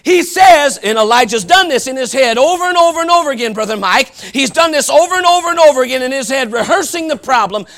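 A male pastor delivers a fervent sermon, breaking into shouts between folksy asides. His voice is unusually high, gravelly and bright, with a forceful edge. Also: animated, fast, hardly any pauses.

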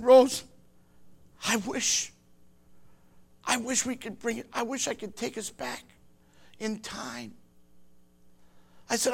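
Older man with a gravelly, high voice. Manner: rambling, halting speech with frequent restarts. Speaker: grandfather. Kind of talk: personal storytelling.

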